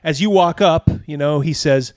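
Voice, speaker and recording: Halting game-master man, dry sound. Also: on the high side, no echo. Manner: halting, full of fillers. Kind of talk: narrating a tabletop game.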